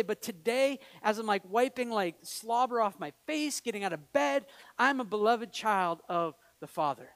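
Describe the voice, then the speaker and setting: With a high-pitched, fairly bright voice, a man preaches as pastor, animated and at normal speed. He's earnest, builds to emphatic peaks, and laughs lightly between points, all carried by long hall reverb.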